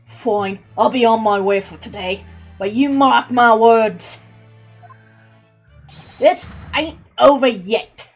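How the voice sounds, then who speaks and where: A woman voicing a belligerent male street thug with a put-on Cockney accent, rough and slangy. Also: a little high, slow pace, long pauses, faint music behind. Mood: threatening.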